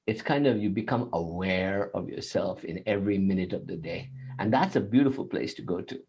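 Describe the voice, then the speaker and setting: A man answering questions in a spiritual interview on a video call, animated and laughing often, acting out inner voices. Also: low voice, fairly quick, slight background noise. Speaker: guest teacher.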